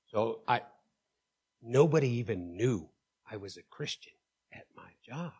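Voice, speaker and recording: A male pastor preaching in a middle-pitched voice and telling stories from his own life. He leans hard on key words, calls out to the congregation for agreement and stumbles over repeated words as he builds momentum. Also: expressive, measured pace, long pauses, a little mellow, husky. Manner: emphatic, with call-outs to the congregation; storytelling, stammers and repeats words. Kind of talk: sermon.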